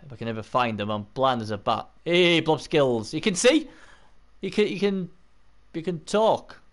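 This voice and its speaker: A man's voice: fairly high pitch, lively intonation, moderate pace. A man giving casual live-stream commentary on a tabletop sports video game, rambling and chatting to viewers between points.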